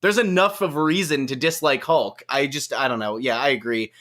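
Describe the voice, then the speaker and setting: A man's voice: mid-range voice, fairly quick, fairly bright tone. A man co-hosting a podcast, chatting casually, often rambling and correcting himself. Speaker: podcast co-host. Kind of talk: casual chat.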